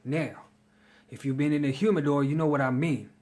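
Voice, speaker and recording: A man's voice: fairly high pitch, steady tone, brisk, darkish tone. A man giving a casual fragrance review in a slangy, chatty way, hyping the ones he likes. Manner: slangy, chatty, hypes his picks.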